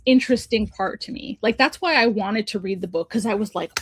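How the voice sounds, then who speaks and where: A woman's voice: mid-range voice, fast talker, few pauses, no room sound. A woman in a casual book club chat on a video call, talking animatedly and saying "like" often. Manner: animated, uses like a lot, laughs easily.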